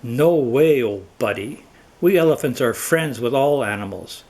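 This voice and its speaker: A man voicing a calm, dismissive male elephant leading a herd in a cartoon folktale. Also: medium pitch, a little slow.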